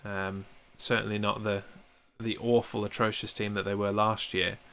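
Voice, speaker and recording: A man co-hosting a casual sports podcast, measured and dryly teasing. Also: on the low side, level tone, vocal fry, pushed and bright. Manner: dry teasing humor, measured. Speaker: podcast co-host.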